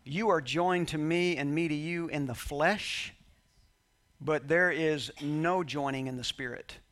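Speaking at a measured pace, this pastor has a somewhat high, slightly bright voice. He recounts something from his own life in a sermon, quoting what people said, performing the lines, and laughing along with his listeners.

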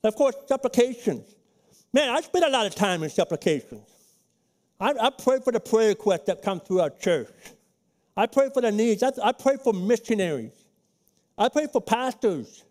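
A man preaching a sermon as pastor of a church, teaching in a practical, conversational way and acting out his own prayers in a hushed voice. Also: very high voice, expressive, moderate pace. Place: church sanctuary.

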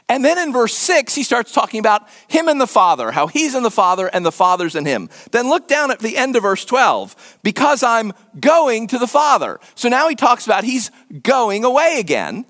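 A middle-aged man preaching a conversational sermon, animated and repetitive for emphasis. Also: high voice, measured pace. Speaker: pastor.

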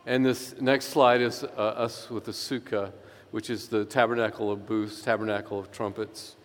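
A man preaching a sermon in an earnest, emphatic way, slowing down to stress key phrases. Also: on the low side, level tone. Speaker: pastor. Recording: echoey hall reverb.

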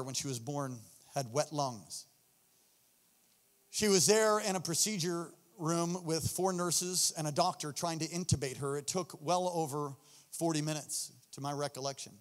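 A man preaching a sermon with fervent passion, a sing-song cadence and swings from loud to hushed. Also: fairly high pitch, moderate pace. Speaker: pastor. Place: church sanctuary. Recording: long reverb of a large hall.

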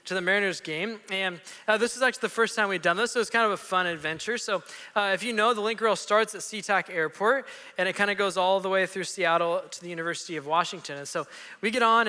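A man's voice: high voice, bright, forceful tone, smooth. A man preaching a sermon as pastor, telling stories animatedly with quoted voices. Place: church sanctuary. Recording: long reverb of a church hall.

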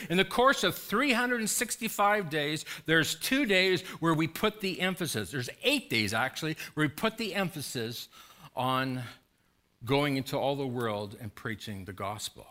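A male pastor preaches with a bright, forceful voice that swings widely in pitch. He presses his congregation with urgent, repeated questions and pleas, his voice sitting a touch high for a man. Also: sing-song, moderate pace. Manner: urgent, pleading preaching with emphatic repetition. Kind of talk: sermon.

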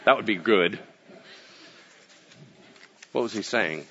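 A male pastor preaching a casual sermon, telling stories with acted-out quotes and swinging from booming to hushed. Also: slow pace, dull audio, slight background noise.

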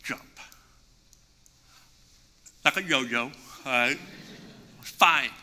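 A male pastor preaching a sermon and telling a story with animated swings between hushed and loud delivery. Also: mid-range voice, extremely slow. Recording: long reverb in a large hall.

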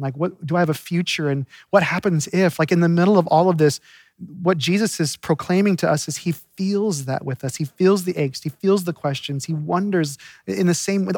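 A man's voice: high-pitched, a little mellow, no room sound, clean studio sound. A man preaching a sermon in an earnest, conversational way, often restarting his sentences. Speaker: pastor.

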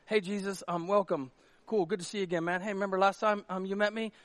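An easygoing young fisherman drawls in casual, mumbled slang, as a pastor puts him on. His voice sits fairly high. The sound is dry and close. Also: steady tone, quick pace, a bit bright, dry recording. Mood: laid-back.

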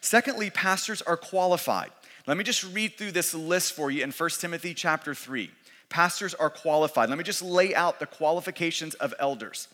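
A man's voice: on the high side, normal speed, pushed and bright. A man, a pastor, preaching a sermon in a conversational way, often repeating and restarting his words. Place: church sanctuary. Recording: long church hall reverb.

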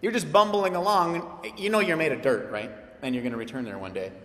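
A man's voice: fairly high pitch, quick pace, bright, forceful tone. Passionate male pastor in echoey hall. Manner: passionate, emphatic, acts out quoted voices. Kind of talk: sermon. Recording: echoey hall with long reverb.

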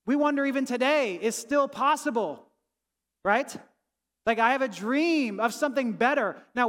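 Pastor, male, high-pitched, chatty sermon delivery, long hall reverb. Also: fairly bright tone. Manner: conversational preaching, asks the room "right?".

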